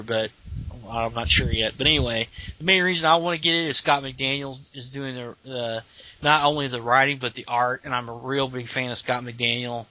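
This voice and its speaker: A man co-hosting a casual chat, earnest and halting, often restarting sentences. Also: medium pitch, sharp tone. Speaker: podcast co-host. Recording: dull lo-fi sound.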